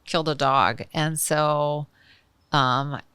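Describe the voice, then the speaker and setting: A woman prosecutor telling a case story in a casual, animated way, laughing and acting out the people in it, on a filmed podcast. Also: low-pitched, slow, clean tone, no echo, studio quality. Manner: animated, laughing, acts out the people in her stories.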